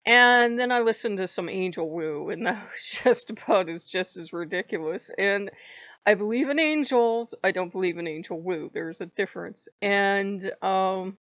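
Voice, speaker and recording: A woman's voice: mid-range voice, moderate pace, fairly bright tone, no room sound, dull audio. A woman host chatting casually in a vlog, talking in loose digressions and laughing often. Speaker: channel host. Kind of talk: casual rambling vlog chat.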